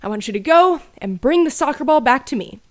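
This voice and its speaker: A woman's voice: sits high, expressive, fairly quick. A woman quoting a male youth soccer coach who gives cheery instructions.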